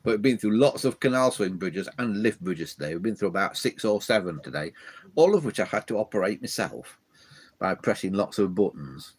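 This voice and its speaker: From a loft at home crammed with old telephones, a man runs a live stream, reading viewer comments and rambling on with lots of fillers and false starts. He speaks briskly in a fairly low, expressive voice with a breathy edge.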